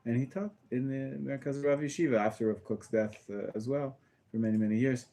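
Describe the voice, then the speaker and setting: A man teaching a small class as a rabbi, talking casually about a text with halting phrasing, many fillers and restarts. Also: mid-range voice, warm tone.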